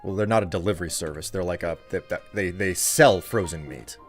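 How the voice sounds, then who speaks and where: A man's voice: deep voice, a little fast, faint music behind. Rambling American man chatting on stream. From United States. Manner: rambling, ranting, talks back to chat. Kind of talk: casual live-stream chat.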